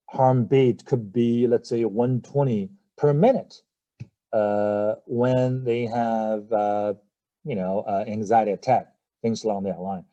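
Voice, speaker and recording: A man's voice: on the low side, mellow, lo-fi sound. A male English teacher giving a vocabulary lecture. He spells words out letter by letter and keeps checking in with "okay?" and "right?", with frequent hesitations. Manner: hesitant, many fillers and restarts.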